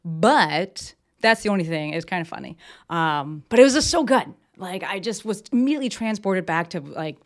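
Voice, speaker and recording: A woman's voice: fairly low pitch, expressive, normal speed. A woman hosting a casual solo podcast from her desk, talking enthusiastically and rambling with lots of fillers and restarts. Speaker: podcast host. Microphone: desk mic with camera.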